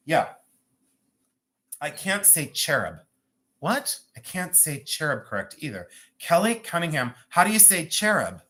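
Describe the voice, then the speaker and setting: A bright, forceful voice of a host selling rings on a live stream from home. The talk is loose and joking, with frequent laughter between prices and stone names. Pitch sits in the middle of the range. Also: big pitch swings, moderate pace. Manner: chatty, joking, laughs often. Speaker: host of a live jewelry sale.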